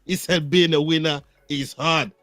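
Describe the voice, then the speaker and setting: A man's voice: fairly high pitch, fairly even intonation, normal speed, a bit bright, dry recording, soft background music. A man hosting a casual MMA podcast who teases and needles his co-hosts, pressing them with questions. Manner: teasing, needling, laughs at others. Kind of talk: casual sports banter.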